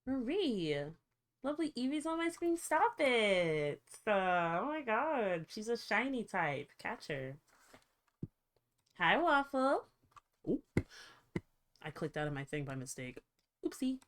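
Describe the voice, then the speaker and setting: A female livestreamer chats casually with her audience at an unhurried pace, her lively, expressive voice swinging high and low. She swears freely and reacts aloud while fiddling with her settings.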